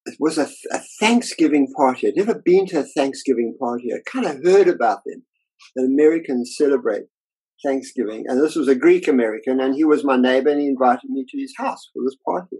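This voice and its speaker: An older man, an illustrator, telling lively anecdotes about his career in a casual interview and acting out the voices of people he quotes. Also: mid-range voice, brisk, slightly rough, poor audio.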